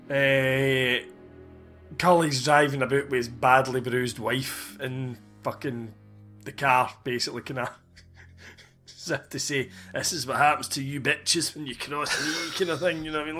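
Man in his forties, bright forceful voice, sweary wry recap, faint music underneath. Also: medium pitch. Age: 40s. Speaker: podcast host. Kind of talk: casual chat.

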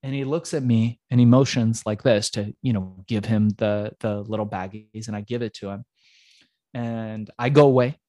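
A man's voice: fairly low pitch, moderate pace, no echo, studio quality. A middle-aged man from Iran telling his story as a podcast guest, acting out the people he met along the way. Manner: animated storyteller who acts out the people in his stories. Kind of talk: storytelling in a conversational interview.

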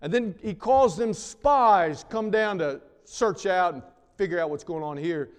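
A man preaching a sermon, swinging between loud emphatic lines and hushed, drawn-out words. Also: high voice, smooth. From North Carolina. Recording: long reverb of a large hall.

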